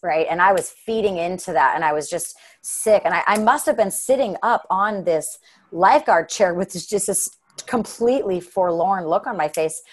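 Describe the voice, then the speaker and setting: A woman's voice: lowish voice, moderate pace. A woman from Southern Utah telling a heartfelt personal story in a casual, earnest way, with lots of fillers and "right?" tags. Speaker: guest.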